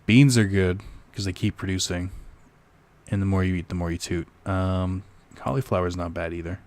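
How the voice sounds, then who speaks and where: A man's voice: deep voice, fairly even intonation, normal speed, a little mellow. A young man giving casual let's-play commentary, rambling and joking with profane asides. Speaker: gaming streamer.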